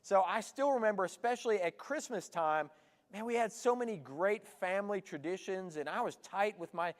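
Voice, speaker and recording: A man's voice: sits high, moderate pace, big-room sound. A man from Canada in his forties preaching a sermon in a church, chatty and joking with the congregation. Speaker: pastor. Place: church sanctuary.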